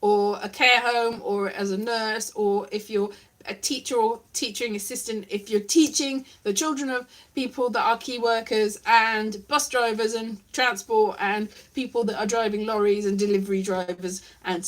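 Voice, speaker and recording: A woman's voice: mid-range voice, fairly even intonation, normal speed. A young woman vlogging casually to live viewers, rambling and self-mocking, now and then slipping into silly voices.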